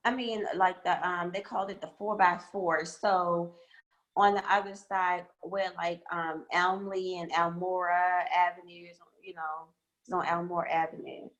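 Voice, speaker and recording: A woman's voice: fairly low pitch, flat delivery, a little slow, a bit bright, muffled recording. A woman with a morning voice asking for advice on a training call, hesitant and rambling with many fillers. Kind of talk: casual online training call. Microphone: video call.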